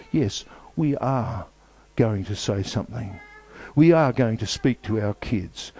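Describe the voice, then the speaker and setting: A man preaching a sermon with emphatic, repetitive phrasing and dramatic pauses. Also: medium pitch, dark tone.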